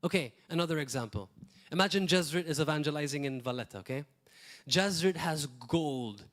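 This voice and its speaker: A man preaching a sermon as pastor, talking in a lively, rambling way and acting out quotes now and then. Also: fairly high pitch, a little fast. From Malta.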